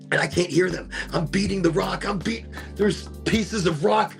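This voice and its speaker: A man hosting a podcast, telling a story in a casual, animated way, swearing and repeating words as he goes. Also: high-pitched, normal speed, gravelly, soft background music. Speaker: podcast host.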